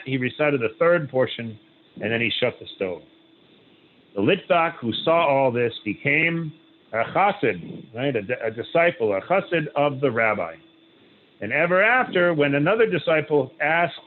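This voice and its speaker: A rabbi with a fairly high voice reads a story aloud over a video call, pausing often and breaking off with "right?" and "uh". The line is thin and phone-like, with a faint hiss underneath. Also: male voice. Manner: reads with pauses, frequent "right?" and "uh" asides. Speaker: rabbi leading a study group. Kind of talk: reading a story aloud, then opening discussion.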